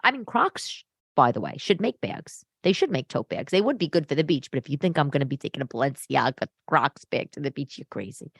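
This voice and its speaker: New woman host in her thirties, lowish voice, animated sarcastic rants, dry close sound. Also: brisk, dry recording. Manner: animated, ranting, sarcastic asides. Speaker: podcast host. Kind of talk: casual solo podcast chat. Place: home living room.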